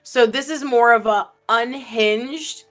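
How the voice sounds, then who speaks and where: A woman playing in a tabletop role-playing game, animated and arguing her case with the game master. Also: fairly high pitch, takes it slowly, faint music behind. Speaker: player.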